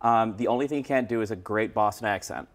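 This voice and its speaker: A man's voice: on the low side, quick pace. Playful joking man on a TV set. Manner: playful, teasing, rambling anecdotes. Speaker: radio host guest. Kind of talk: joking casual chat. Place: TV news studio.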